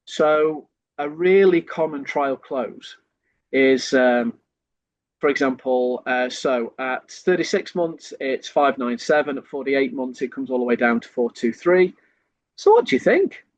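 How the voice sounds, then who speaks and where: A man's voice: medium pitch, unhurried, no room sound, highs cut off. A man, a sales trainer, explaining in a podcast conversation and acting out lines a customer might hear.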